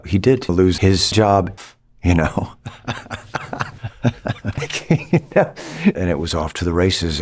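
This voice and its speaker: A man, an actor, telling an anecdote in a slow, emphatic way, in a cut-together interview. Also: low voice. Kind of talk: spliced interview storytelling.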